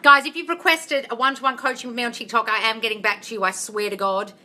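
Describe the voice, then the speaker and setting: A manifestation coach hosts a livestream Q&A on her phone, speaking quickly in a slightly high, sharp voice with fairly even intonation. Blunt and swearing freely, she reads viewers' comments aloud, answers them, and calls them darling.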